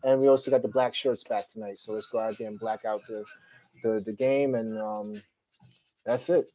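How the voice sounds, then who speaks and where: A man's voice: on the low side, fairly even intonation, normal speed, warm tone, soft background music, rough recording. A man hosting a podcast live stream, chatting casually and rambling with many "um" fillers, sounding tired. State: tired, yawning. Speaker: podcast host.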